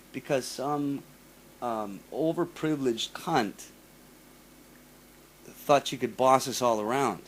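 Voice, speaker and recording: A man hosting a casual chat, telling a long story full of profanity, repeating himself and mimicking the people in it. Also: mid-range voice. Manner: profane, animated, restarts often, mimics others. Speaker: podcast host.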